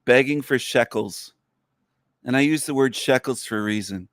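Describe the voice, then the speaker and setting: A man hosting a livestream, delivering an angry, profane, repetitive rant whose pitch climbs sharply as he gets worked up. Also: moderate pace, fairly bright tone, no room sound, studio quality. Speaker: livestream host. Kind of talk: ranting livestream monologue.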